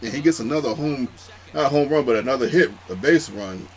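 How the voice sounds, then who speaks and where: A young man hosting a gaming channel, chatting in a calm, rambling way with many fillers during gameplay commentary. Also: medium pitch, a little fast.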